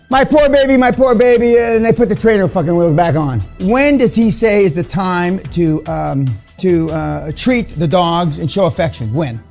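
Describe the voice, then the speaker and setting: Gravelly, crude older man ranting. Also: high-pitched. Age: 70s. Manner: crude, confrontational, mocking. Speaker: business speaker. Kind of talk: blunt profane motivational rant.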